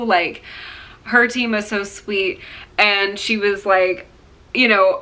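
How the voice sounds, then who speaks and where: A woman's voice: mid-range voice, slow pace, pushed and bright. A young woman vlogger telling a personal story to camera in a rambling, heartfelt way, full of fillers and acted-out quotes.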